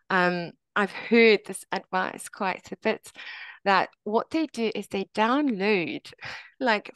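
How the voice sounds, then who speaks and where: A woman's voice: medium pitch, a bit bright, clear, resonant tone, no room sound. A woman presenting a workshop on teaching English, chatty, often saying "okay" between points.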